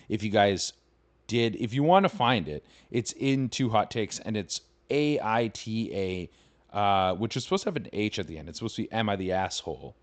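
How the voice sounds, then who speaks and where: A young man hosting a podcast, retelling an online story in a casual, profane, rambling way and scoffing that it is fake. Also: on the low side. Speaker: comedian podcast host.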